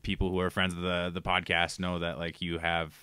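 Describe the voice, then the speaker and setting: Young man from Minnesota, podcast guest, low pitch, bright clear tone, dry sound. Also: brisk, no echo. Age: young adult. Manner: animated storyteller, many fillers. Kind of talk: casual chat.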